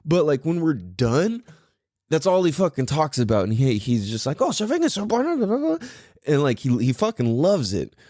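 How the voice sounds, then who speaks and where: A man's voice: medium pitch, animated, normal speed, mellow, no echo, studio quality. A young man hosting a podcast in a casual monologue, full of surfer slang, swearing and "like" and "dude". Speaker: podcast host.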